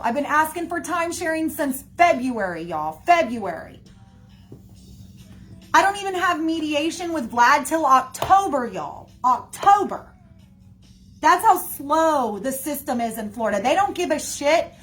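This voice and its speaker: A woman's voice: high-pitched, expressive, moderate pace, a bit bright, faint music behind. A woman in her thirties speaking emotionally in a casual livestream, often calling her viewers y'all.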